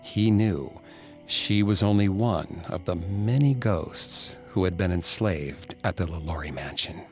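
A man narrating a ghost story in a scripted, dramatic way, dropping to a hush at tense moments. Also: sits low, measured pace, faint music behind.

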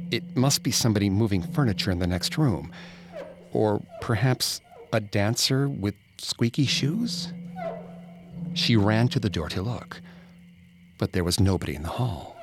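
A man narrating a ghost story in a scripted, dramatic way, dropping to a hush at tense moments. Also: fairly low pitch, noisy background.

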